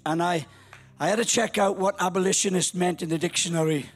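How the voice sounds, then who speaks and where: Husky-voiced pastor in his sixties. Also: high-pitched, brisk, faint music behind. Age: 60s. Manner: lively, humorous, builds to shouted peaks. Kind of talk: storytelling sermon.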